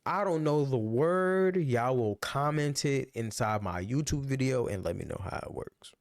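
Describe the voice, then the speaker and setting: A man's voice: medium pitch, expressive, unhurried, a little hiss or hum. A man giving casual, rambling reaction commentary on a streaming clip, often saying "bro" and "you know".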